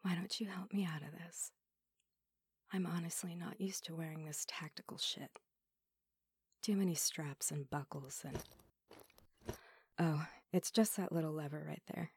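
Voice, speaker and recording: A woman's voice: low-pitched, fairly even intonation, darkish tone, no room sound, studio quality, heavily acted. A woman voicing a teasing android in whispered role-play. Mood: seductive. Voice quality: breathy whisper. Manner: teasing, playful, slow and intimate. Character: flirtatious teasing female android, new to feelings.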